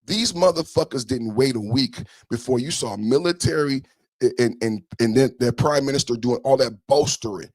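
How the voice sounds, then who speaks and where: A man hosting a podcast, giving heated, profane political commentary and often shouting. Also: medium pitch, normal speed, no echo. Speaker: podcast host.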